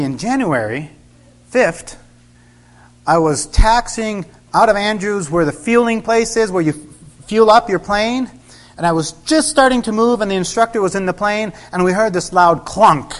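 Middle-aged male preacher, higher pitch, animated testimony with acted-out dialogue. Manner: animated storyteller, acts out dialogue with sudden loud bursts. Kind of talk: sermon storytelling.

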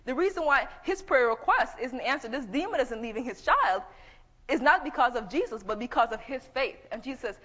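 A woman's voice: sits high, animated, fairly quick, fairly bright tone. A woman preaching a sermon, teaching conversationally and reading scripture aloud. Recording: dull echoey hall.

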